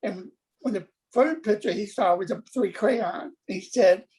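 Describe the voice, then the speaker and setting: A middle-aged man telling a personal story in a halting way, acting out the voices of the people in it. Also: sits high, a little mellow, rough recording. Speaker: guest.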